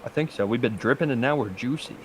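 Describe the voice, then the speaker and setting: A man's voice: medium pitch, fast, slight background noise. A man co-hosting a live podcast in a playful, teasing way, bantering with his partner. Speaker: podcast co-host. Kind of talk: casual live podcast chat.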